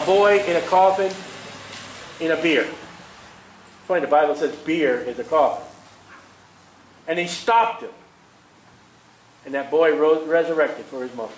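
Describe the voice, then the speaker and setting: A man preaching a sermon in an animated way, chuckling at his own asides. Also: high voice, roomy sound, background noise.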